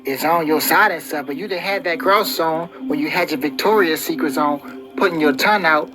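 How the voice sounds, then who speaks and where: Brief: slightly high-voiced man, preachy rambling advice rant, music bed underneath. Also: a little fast, rough recording. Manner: preachy, repeats "you know" often. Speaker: vlogger giving relationship advice. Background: background music.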